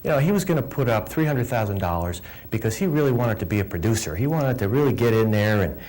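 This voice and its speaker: A middle-aged film director answering interview questions with emphatic, animated storytelling and repeated words. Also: male voice, on the low side, fast talker.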